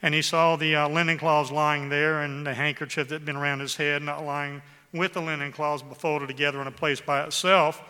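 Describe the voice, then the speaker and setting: A man delivers a sermon in a bright, forceful, slightly high voice. He reads scripture with heavy emphasis and draws out the key words. His voice rings through a large church hall with a long echo. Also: flat delivery, a little fast, hardly any pauses, smooth. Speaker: pastor.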